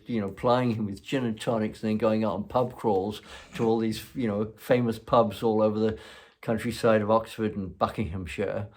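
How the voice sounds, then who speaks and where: A man's voice: lowish voice, darkish tone. Rambling man telling a story. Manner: rambling, chuckling, full of "you know". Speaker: host. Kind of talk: casual storytelling.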